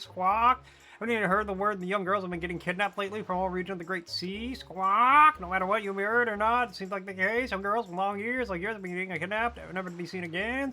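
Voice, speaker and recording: A man's voice: sits high, sharp tone, pitched above the performer's own voice. A man voicing a chatty male bird postman from a video game who keeps squawking between sentences.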